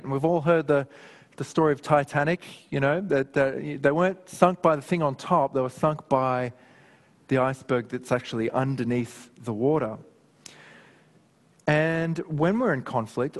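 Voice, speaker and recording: A male pastor gives a lively, conversational sermon. His voice sits at a medium pitch. It rings out in a large hall with a long echo. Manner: conversational, animated, with personal anecdotes.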